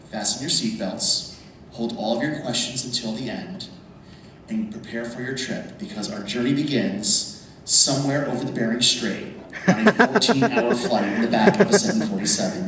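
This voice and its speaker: A man speaking at a convention panel, telling a story over slides in an animated way and calling the audience "folks". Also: mid-range voice. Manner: animated, addresses the crowd as folks. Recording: echoey hall from far off, noisy.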